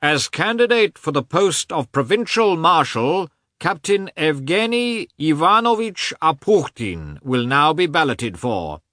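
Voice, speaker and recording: A man voicing a uniformed election official who calls out names in a loud, shrill, formal voice. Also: sing-song, measured pace, hardly any pauses, no room sound, clean studio sound, exaggerated voice. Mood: proclaiming.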